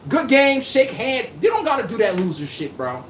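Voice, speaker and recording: A woman's voice: a little high, sing-song, normal speed, reverberant, slight background noise. A woman hosting a casual sports livestream, ranting, trash-talking and reading out chat comments. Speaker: livestream host.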